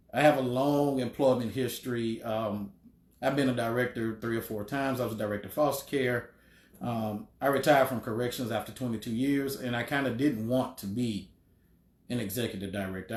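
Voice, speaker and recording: A middle-aged man talks in a measured, thoughtful way, filling pauses with "um". His pitch sits in an ordinary middle range. The room around him rings with echo. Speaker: homeless shelter director, guest. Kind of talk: casual interview talk. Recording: roomy echo.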